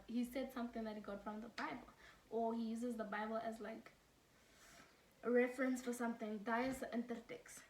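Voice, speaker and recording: A woman's voice: fairly high pitch, a little hiss or hum. A young woman from South Africa giving casual study tips, chatty and laughing, mixing English with Afrikaans. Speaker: student tutor. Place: home room during load shedding. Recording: echoey room, mic at a distance.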